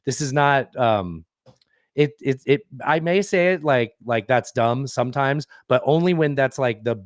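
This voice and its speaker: Male co-host, mid pitch, rambling profane chatter, dry close mic. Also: measured pace, no echo. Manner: rambling, swears often, reads listener review aloud. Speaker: podcast co-host. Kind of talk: casual podcast banter.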